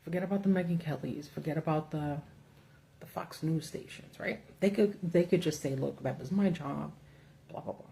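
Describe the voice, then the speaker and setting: A woman's voice: low voice, moderate pace, vocal fry, dark tone, slight background noise. A woman hosting a casual livestream, ranting bluntly with profanity from notes at home under a ring light. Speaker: political commentary host.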